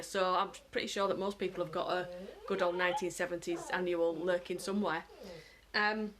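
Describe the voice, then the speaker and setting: A British woman giving a casual live dog-training lesson at home, chatting to viewers and breaking into high-pitched praise for her dog. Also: noisy background. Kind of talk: live-streamed training demo.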